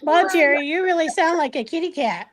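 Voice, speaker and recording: A woman's voice: very high voice, animated, a little fast, very noisy. An older woman hosting a casual live chat stream, chatty and teasing, laughing often.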